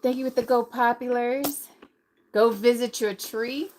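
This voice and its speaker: A woman's voice: a little high, fairly even intonation, a little slow, darkish tone, slight background noise, low-quality recording. A middle-aged American woman with a slight lisp, hosting a casual livestream and answering viewers in the chat. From United States. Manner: chatty, reads and answers the chat aloud. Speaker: livestream host.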